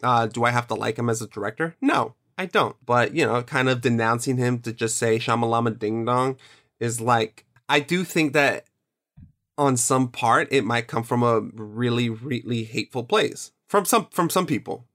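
A man's voice: mid-range voice, animated, normal speed, fairly bright tone. A man co-hosting a podcast, speaking bluntly and candidly, with casual swearing. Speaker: podcast co-host.

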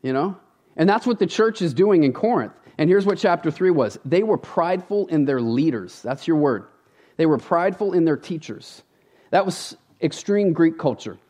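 A man's voice: on the high side, animated, moderate pace, darkish tone. Emphatic, conversational male preacher. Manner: conversational, emphatic, direct appeals to the congregation. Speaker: pastor. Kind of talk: sermon. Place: church stage.

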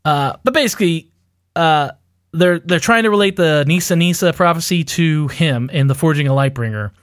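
A man's voice: a little high, moderate pace, no room sound, studio quality. A man co-hosting a casual chat, rambling through a theory with lots of fillers and self-mocking laughs. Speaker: podcast co-host.

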